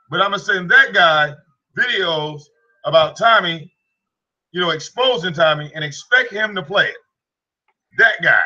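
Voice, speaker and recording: A man's voice: sits high, moderate pace, long pauses, pushed and bright, dull audio. A man ranting casually as a streamer, rambling, repeating himself and mocking. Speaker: streamer commenting on a played call. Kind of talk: casual rant.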